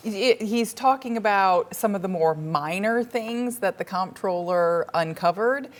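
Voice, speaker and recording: A woman pundit on a televised political panel with a slightly low voice. She states her view firmly and drives her points home with a string of rhetorical questions. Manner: firm, piles up rhetorical questions. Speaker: political commentator.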